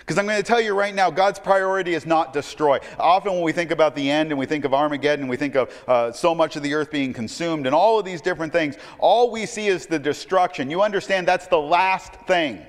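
A male pastor preaches a sermon fairly quickly with hardly any pauses, shifting between loud, emphatic stretches and quiet, low asides. He often repeats words as he begins a sentence, and a long reverb tail trails his voice.

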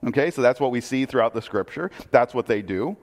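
A man's voice: medium pitch, expressive, brisk. A male pastor preaching a conversational sermon, often asking the audience rhetorical questions and restarting his phrases. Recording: long reverb of a hall.

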